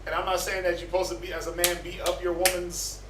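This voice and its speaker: Animated man teaching in an echoey room. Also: sits high, fast talker, far from the mic, background noise. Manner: animated, acts out quoted everyday voices. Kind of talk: casual Bible class teaching.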